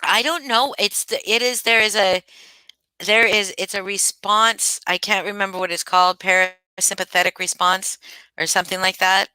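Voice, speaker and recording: A woman's voice: mid-range voice, fairly even intonation, normal speed, pushed and bright, clear, resonant tone, dry recording, rough recording. A woman hosting a livestream from home, chatting casually with viewers by name. She is sleepy and yawning, and her talk rambles. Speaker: livestream host.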